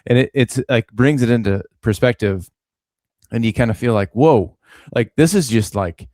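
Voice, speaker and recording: A man co-hosting a podcast, talking in an excited, rambling way. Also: mid-range voice, moderate pace, dry recording, clean studio sound. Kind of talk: casual podcast chat.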